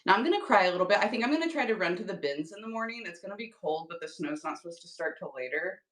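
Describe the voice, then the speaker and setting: A woman hosts a live craft-selling stream from home, chatting upbeat with her viewers while she works. Her voice sits a bit low and carries a tired edge. She stands back from the mic in an echoey room. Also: expressive, racing, a bit bright, distant mic. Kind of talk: casual livestream chat while painting.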